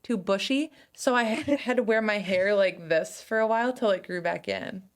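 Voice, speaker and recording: Middle-aged lady co-hosting a podcast, laughs a lot, tells stories and does the voices, average pitch. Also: normal speed. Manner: chatty storyteller, laughs often, animated quoted voices. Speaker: podcast co-host. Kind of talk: casual chat.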